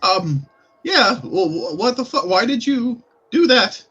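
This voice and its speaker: A man doing a high, baffled companion. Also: very animated, takes it slowly, a bit bright, husky, highs cut off, faint music behind, full character voice. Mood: confused, alarmed. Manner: bewildered, questioning.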